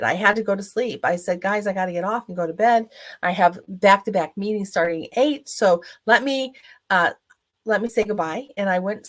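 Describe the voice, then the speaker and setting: An author and speaker in her fifties gives an online motivational talk, earnestly recounting her story with many fillers. Her voice is on the low side.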